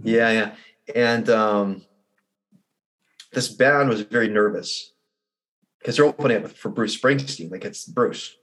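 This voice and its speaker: A man's voice: fairly low pitch, takes it slowly, long pauses. A man who works as a results coach, a podcast guest telling anecdotes and acting out the people in them. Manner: animated storyteller who acts out the people in his anecdotes. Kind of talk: conversational interview.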